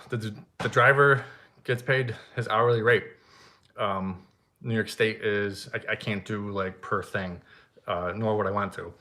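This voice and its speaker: A young man who runs an event rental business, answering live viewer questions and telling stories animatedly. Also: lowish voice. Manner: animated storytelling, acts out shouting in quotes. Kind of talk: live Q&A, casual storytelling. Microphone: single mic, standing.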